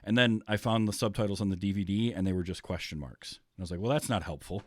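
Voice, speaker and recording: Low-voiced American podcast host. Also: male voice, fast, no room sound, studio quality. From United States. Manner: rambling, many ums, laughs easily. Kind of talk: casual chat.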